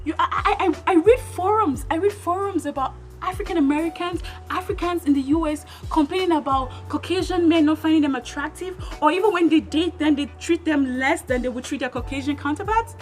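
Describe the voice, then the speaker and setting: A woman with a strikingly high voice delivers opinionated vlog commentary. She talks emphatically and keeps firing rhetorical questions at her viewers. Faint background music runs under her voice. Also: fairly quick. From Nigeria. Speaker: vlogger.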